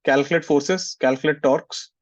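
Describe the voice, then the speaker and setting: A man's voice: fairly high pitch, normal speed, no echo. Man, physics teacher, classroom lecture, muffled, dry. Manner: scolds students, asks "getting it?" often.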